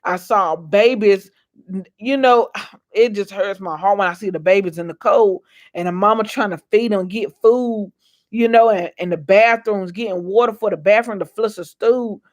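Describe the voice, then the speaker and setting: A woman vlogger giving a faith-based motivational talk, preachy and repetitive, folksy and calling out to her viewers. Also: mid-range voice. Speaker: inspirational vlogger.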